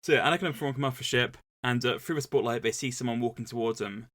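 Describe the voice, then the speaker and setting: A man's voice: medium pitch, fast, fairly bright tone. A man co-hosting a casual book club podcast, retelling the plot in a rambling, chatty way. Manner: rambling, chatty retelling with many fillers and restarts. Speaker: podcast co-host.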